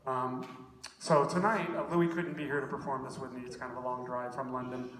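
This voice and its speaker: A man's voice: medium pitch, flat delivery, brisk, fairly bright tone. A middle-aged man, a guest trumpet soloist, chatting and joking on stage at a concert in a rambling way, often correcting himself. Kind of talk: onstage banter at a concert. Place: school concert hall stage. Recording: echoey hall, taped from far off.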